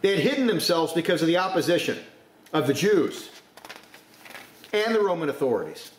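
A man preaching a sermon, forceful, with sudden rises to emphasis. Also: a little high, big pitch swings, a little fast, roomy sound.

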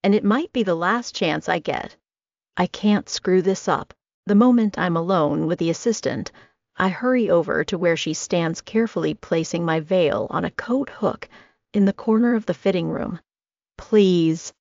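Woman reading a dramatic audiobook, kinda gravelly, dry muffled recording. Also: on the low side, moderate pace, a little mellow, no echo. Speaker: audiobook narrator. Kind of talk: first-person audiobook narration.

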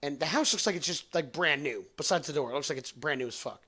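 A man's voice: on the high side, fast, bright, forceful tone. A young man hosting a podcast, telling a long story in a rambling, profane, joking way. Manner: rambling, profane, laughs at own jokes. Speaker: podcast host. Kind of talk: casual storytelling.

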